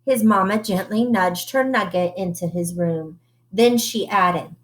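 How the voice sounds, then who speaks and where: Woman teacher, picture-book read-aloud, unhurried and engaging. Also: medium pitch. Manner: expressive, asks the children questions. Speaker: teacher reading aloud to children.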